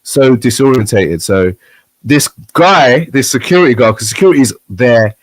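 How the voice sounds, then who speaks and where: A man's voice: medium pitch, expressive, normal speed, dry recording. A man, a guest on a chat show, telling a story animatedly and acting out the voices of the people in it. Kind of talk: casual chat.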